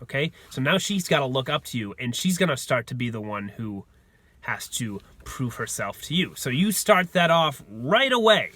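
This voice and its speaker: A man's voice: mid-range voice, sing-song, moderate pace, pushed and bright. A man giving dating advice to the camera in a brash, swaggering, profane way, repeating lines for emphasis.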